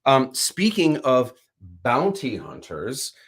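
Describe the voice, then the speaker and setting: A man hosting a livestream, chatting casually, rambling through animated opinions full of fillers and restarts. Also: mid-range voice, takes it slowly. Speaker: livestream host. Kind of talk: casual chat.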